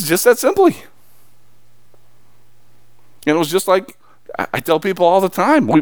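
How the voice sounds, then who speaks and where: A man preaching a sermon as pastor, swinging from loud, emphatic lines to low, confiding asides. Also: dry recording, clean studio sound.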